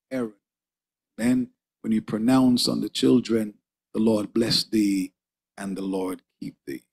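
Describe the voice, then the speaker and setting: Husky gravelly preacher guy praying hard in church, lots of "oh god". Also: mid-range voice, darkish tone. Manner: fervent, repeats "oh God" while praying. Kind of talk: sermon and prayer. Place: church sanctuary.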